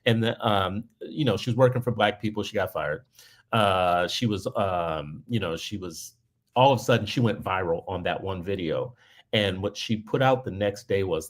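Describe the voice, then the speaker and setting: Heated, animated man telling a story. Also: sits low, moderate pace. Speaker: podcast co-host. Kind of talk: casual commentary chat.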